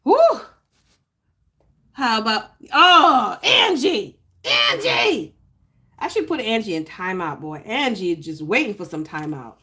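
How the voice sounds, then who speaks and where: A chatty woman talks through her planner setup on a live stream and greets viewers by name as she works. She drawls some words and her voice swoops up high when she gets excited. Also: moderate pace. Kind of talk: casual live-stream chat while crafting.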